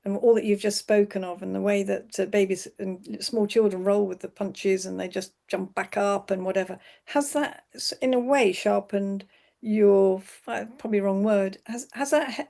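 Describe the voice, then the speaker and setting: Gravelly, mellow-voiced woman interviewer. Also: mid-range voice. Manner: rambling, self-correcting questions. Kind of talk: conversational interview.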